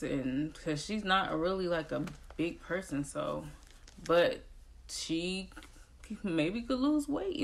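A young woman chats to her camera in a relaxed vlog, her voice sitting fairly low. She talks slowly and lingers over her words, breaking into whiny, animated quotes as she retells things. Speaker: vlogger. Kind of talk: casual vlog talk.

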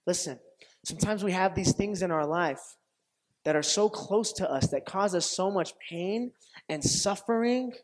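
Animated high-voiced male pastor preaching. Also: a little slow. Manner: animated storytelling, acts out quoted voices, laughs often; repetitive restarts, asks audience questions. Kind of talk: sermon.

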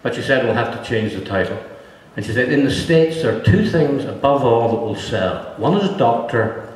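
A man's voice: mid-range voice, lively intonation, moderate pace. Older male author, dry self-deprecating storyteller, live in a very echoey hall. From Northern Ireland. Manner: dry self-mocking humour. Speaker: author at a book launch. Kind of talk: anecdotal talk to an audience. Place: library hall with an audience.

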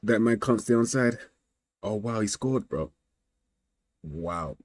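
A young man streaming a football manager game, excitable and slangy, yelling at the match and trash-talking his friend. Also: lowish voice, slow pace, dry recording. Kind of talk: casual gaming banter.

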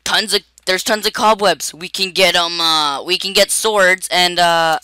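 A young man hosting a game video, chatting casually and joking at his own expense, sometimes yelling in panic. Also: high-pitched, steady tone, measured pace, clean tone, no room sound. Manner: self-mocking, shouts in panic. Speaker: gaming video host. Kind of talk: casual gameplay commentary.

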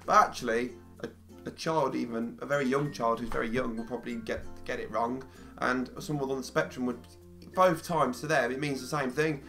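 A man's voice: mid-range voice, steady tone, a little fast, creaky, a bit bright, soft background music. A man explaining things casually in a vlog, chatty, with jumpy emphasis and frequent restarts. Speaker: vlogger.

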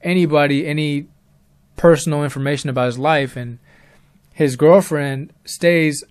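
A man's voice: a little high, steady tone, normal speed, darkish tone, smooth, dry recording. A young man telling a true story in a laid-back, rambling way with casual slang.

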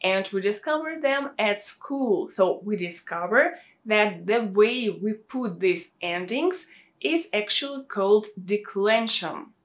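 A native Russian-speaking woman teaching an online language lesson, saying example phrases slowly and repeating them for emphasis. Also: mid-range voice, expressive.

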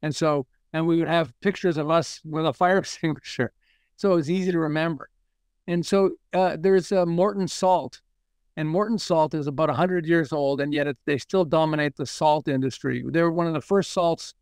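Chuckling man with a smooth voice. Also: a little high, fairly even intonation, normal speed, darkish tone, no room sound, clean studio sound. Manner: chuckles often while telling anecdotes. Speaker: marketing consultant guest. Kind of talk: casual interview storytelling.

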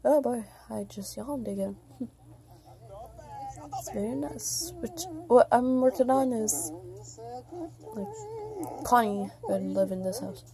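A woman's voice: a little high, measured pace, long pauses, crowd noise. A woman giving casual, rambling gameplay commentary, chatty with light self-mocking asides. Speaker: gameplay vlogger.

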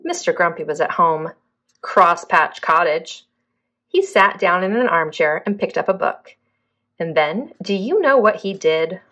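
A woman's voice: on the low side, animated, a little slow, fairly bright tone. A young adult woman, a preschool teacher, reading a picture book aloud expressively and asking young children questions.

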